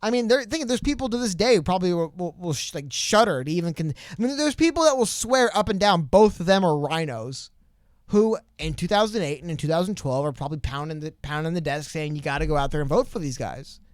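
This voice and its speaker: A man co-hosting a casual political podcast, talking in a rambling, animated way with many asides and restarts. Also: high voice, fairly quick, dry recording, studio quality. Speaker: podcast co-host.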